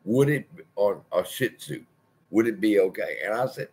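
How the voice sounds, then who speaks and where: A man's voice: lowish voice, moderate pace, husky. A man hosting his own channel, telling a personal story in a rambling, profane, wry way. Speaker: channel host.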